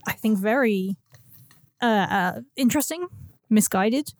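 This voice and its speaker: Higher-voiced woman with dry quips. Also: animated, measured pace, a little mellow, no echo. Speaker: podcast co-host. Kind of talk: casual podcast chat.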